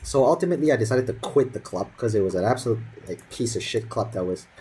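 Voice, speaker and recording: Husky young man ranting sarcastically. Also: mid-range voice, animated, fast, warm tone, low-quality recording. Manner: profane, sarcastic, rambling with many fillers. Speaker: vlogger telling a school story. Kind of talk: casual storytelling rant.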